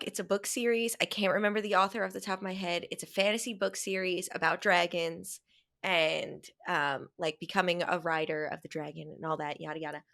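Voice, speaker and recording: A woman's voice: fairly low pitch, vocal fry, fairly bright tone. A young adult woman from the United States co-hosting a podcast, chatting casually with rambling asides. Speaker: podcast co-host. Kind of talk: casual chat.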